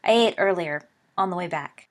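A woman voicing a gentle, weary teenage schoolboy who speaks softly and avoids conflict. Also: on the low side, normal speed, natural voice.

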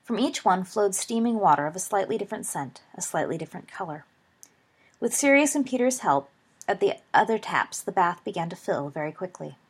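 A woman reading a story aloud in a steady, expressive narration. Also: mid-range voice, fairly quick, slightly rough. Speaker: audiobook reader.

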